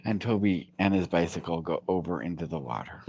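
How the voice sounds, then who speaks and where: Deep-voiced man rambling through a story. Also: animated, vocal fry, darkish tone, husky, no echo, highs cut off. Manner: rambling, halting, with many fillers and chuckles. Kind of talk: telling a personal faith story.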